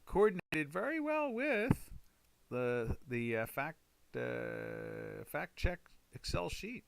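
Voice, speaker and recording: A man hosting a live trading webinar in a chatty, rambling way, now and then exclaiming loudly. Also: a little high, very animated, takes it slowly, gravelly, smooth, dry recording. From United States. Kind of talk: casual live webinar talk.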